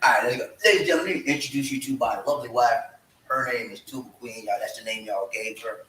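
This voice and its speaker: A man's voice: mid-range voice, fast, slight background noise. Hyped up guy hosting his show from home, far from the mic, echoey. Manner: energetic and excitable, hyping up viewers. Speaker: show host. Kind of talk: casual live chat. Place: room at home.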